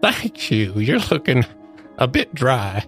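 A man's voice: medium pitch, wildly swooping pitch, slow, a bit bright, soft background music, heavily acted. A man voicing a playful older woman paranormal investigator with a put-on Southern accent, bantering with her husband. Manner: jokey, teasing banter. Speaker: co-host.

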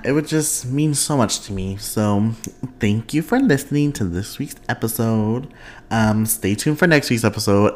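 Casual, expressive chat comes from a young man hosting his own podcast, his voice medium in pitch. He wanders into tangents and laughs a lot.

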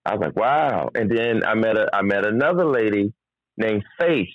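A singer from Virginia telling stories on a podcast. He does the voices of the people in them and keeps breaking into high, disbelieving outbursts. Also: moderate pace, no echo, lo-fi sound. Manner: animated, mimics people, jumps into incredulous high-pitched outbursts. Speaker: singer and recording artist. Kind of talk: casual podcast storytelling.

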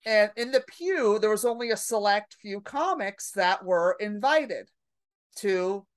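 Animated woman comic telling stories. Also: mid-range voice, unhurried. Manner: animated, acts out her own panicked thoughts. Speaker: stand-up comedian, guest. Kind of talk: casual storytelling chat.

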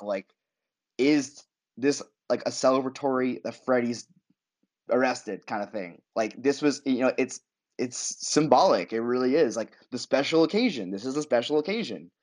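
A man on a casual podcast, excitedly recapping a TV episode and acting out lines in high voices. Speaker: podcast co-host.

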